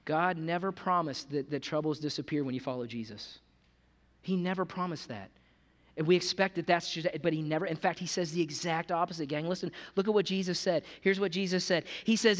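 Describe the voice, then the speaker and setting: A male pastor with a high, light voice preaching in a big hall, and the sound rings with a long reverb. He talks casually, calling the crowd "gang", then drops to a near-hush before rising loud again. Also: fast. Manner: swings between hushed earnest lows and loud animated highs; conversational, calls the audience "gang". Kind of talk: sermon.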